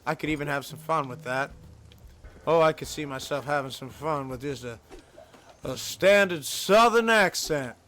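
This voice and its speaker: A man's voice: fairly high pitch, moderate pace, bright, forceful tone. A man streaming a game live, chatting and joking to his viewers in a self-mocking way. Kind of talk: live gameplay commentary.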